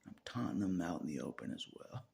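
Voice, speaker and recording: A man talks alone into his camera with a very gravelly, husky voice. His pitch leaps wildly across a wide range, and he often drops into a breathy whisper between louder bursts and chuckles. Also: big pitch swings, fast talker. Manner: swings from loud outbursts to low muttering with frequent laughs. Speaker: vlogger. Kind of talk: rambling solo monologue to camera. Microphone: camera mic.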